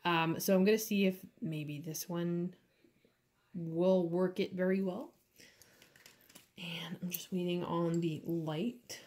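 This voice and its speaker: Slow, chatty woman with many fillers. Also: lowish voice, fairly even intonation, a little mellow. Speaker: nail artist. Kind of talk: casual tutorial chat. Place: home nail studio.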